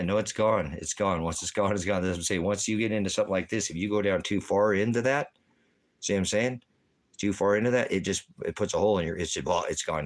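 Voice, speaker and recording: Man, very deep voice, casual vlog talk, rambling, halting, repetitive. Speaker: vlogger. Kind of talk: casual chat.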